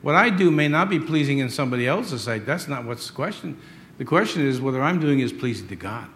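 A middle-aged man preaching a sermon as pastor, swinging between loud emphatic lines and quiet asides. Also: mid-range voice, lively intonation, fast, slight background noise.

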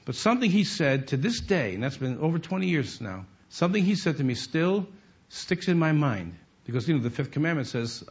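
A man's voice: on the high side, breathy edge, muffled recording. A man preaching a sermon, emphatic and repetitive as he works through numbered points. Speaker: pastor.

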